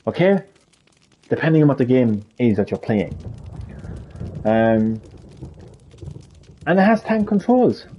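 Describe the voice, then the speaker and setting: A man's voice: medium pitch, very animated, slow, pauses often, lo-fi sound, slight background noise. A man live streaming a heated gaming rant, swearing a lot and repeating his points with emphasis.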